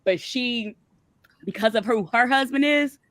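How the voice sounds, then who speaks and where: A woman calling into a live discussion show, giving blunt, animated opinions and acting out what people said. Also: a little high, a little slow, dry recording. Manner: animated, blunt, acts out quotes. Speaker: caller. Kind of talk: casual opinionated chat.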